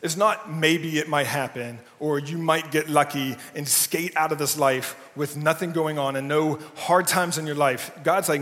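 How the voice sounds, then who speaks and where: A man's voice: fairly high pitch, moderate pace, hardly any pauses, fairly bright tone, in a large hall. A man preaching a casual, humorous sermon, often checking in with "right?". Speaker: pastor. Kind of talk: conversational sermon. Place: church sanctuary.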